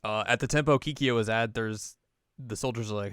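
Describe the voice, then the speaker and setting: A podcast co-host chats casually through a recap of an anime episode, retelling scenes in quick, silly character voices and laughing often. His mid-range voice is fairly bright, clear and resonant. The studio-quality recording has no room sound.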